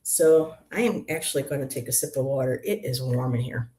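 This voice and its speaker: A woman's voice: rumbling low, fairly quick, warm tone, slight background noise. A woman hosting a casual livestream, chatting with viewers by name and doing card readings, rambling and laughing often. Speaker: tarot reader and livestream host. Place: apartment room.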